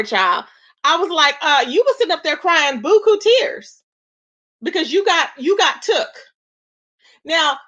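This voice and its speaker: A woman's voice: high-pitched, sharp tone. A woman hosting a live stream, talking with sass and exasperation, asking rhetorical questions and greeting viewers with endearments. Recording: dull lo-fi stream audio.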